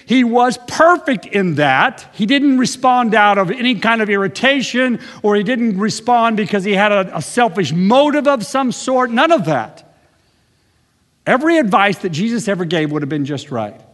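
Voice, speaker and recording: Male pastor, high voice, earnest sermon delivery with casual asides, long hall reverb. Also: lively intonation, normal speed, fairly bright tone. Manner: earnest preaching with conversational asides.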